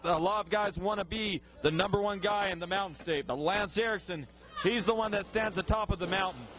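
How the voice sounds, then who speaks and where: A man calling a professional wrestling match, excitable and building to shouts at the big moves. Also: high-pitched, brisk, a little hiss or hum. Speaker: wrestling commentator. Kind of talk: play-by-play wrestling commentary.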